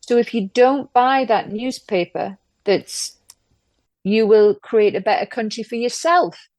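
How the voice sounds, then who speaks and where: A middle-aged woman from England, an interview guest telling stories briskly and with emphasis. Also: a little high, expressive, a little mellow, dry recording. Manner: brisk, emphatic storytelling with acted-out quotes. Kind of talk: candid conversational interview.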